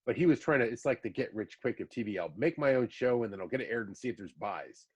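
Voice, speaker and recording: A man's voice: mid-range voice, fast, slightly rough. Casual podcast host, man in his 50s, meandering storyteller, mid-range voice. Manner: rambling, animated anecdotes with frequent asides.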